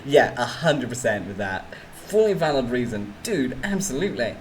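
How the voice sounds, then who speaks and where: A woman's voice: rumbling low, sing-song, moderate pace, a little hiss or hum, low-quality recording. A woman VTuber streamer with a New Zealand accent, chatting with her viewers in a teasing, giggly, mock-dramatic way. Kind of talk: casual live-stream chat with viewers.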